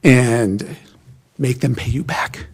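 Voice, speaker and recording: A man's voice: mid-range voice, animated, normal speed, a crowd in the background. A man giving an emotional, folksy and encouraging commencement speech in a large hall. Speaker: commencement speaker.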